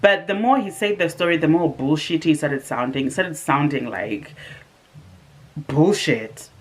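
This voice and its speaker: A woman vlogging, telling a personal story in a casual, animated and sarcastic way with rhetorical asides. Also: low-pitched, a little slow.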